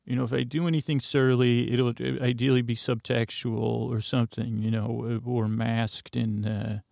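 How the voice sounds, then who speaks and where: A man's voice: medium pitch, flat delivery, moderate pace, darkish tone, no room sound, studio quality. A man hosting a sleep podcast, talking in a meandering, self-correcting ramble full of fillers and drifting asides. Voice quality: creaky, gravelly. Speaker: podcast host. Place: closet. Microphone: close studio mic.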